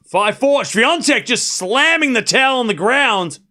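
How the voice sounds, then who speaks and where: Guy calling tennis live on his stream, bright punchy voice, gets loud on big points, jokes around between rallies. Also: very high voice, unhurried. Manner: excitable, shouts on big points, chatty and joking between rallies. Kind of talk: live play-by-play commentary with casual asides.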